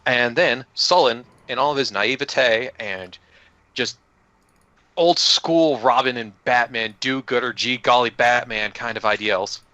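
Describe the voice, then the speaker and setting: A man with a bright, forceful voice runs through last session's events for his tabletop group in a loose, joking way, cursing here and there. The sound is dry and a little dull, like a lo-fi recording. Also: medium pitch, a little slow, dry recording. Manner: loose and joking, with swearing and laughs. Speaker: player recapping the last session. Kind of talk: casual recap of a tabletop game. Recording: dull lo-fi audio.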